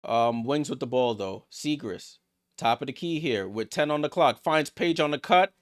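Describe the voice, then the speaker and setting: A man hosting a live watchalong stream, calling basketball play-by-play and reacting excitedly to each play. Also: medium pitch, normal speed. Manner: excitable, rattles off passes, reacts aloud. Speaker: watchalong host.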